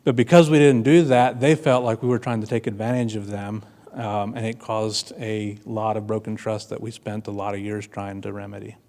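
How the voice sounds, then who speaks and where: A man's voice: on the low side, level tone, normal speed, a little mellow. A man giving a conference talk to an audience, earnest and plainspoken, telling stories with casual fillers. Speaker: conference speaker. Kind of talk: keynote talk. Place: conference room before an audience.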